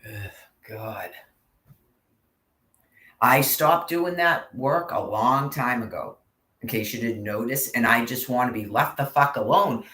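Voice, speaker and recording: A woman's voice: a bass voice, moderate pace, fairly bright tone, a little hiss or hum. A woman in an agitated, profanity-filled angry monologue to camera. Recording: roomy echo.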